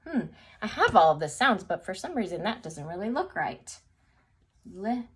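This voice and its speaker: A woman's voice: mid-range voice, very animated, fairly quick, a bit bright, husky. A woman teaching a phonics lesson to young children, sing-song and encouraging, often checking in with an okay. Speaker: second grade teacher.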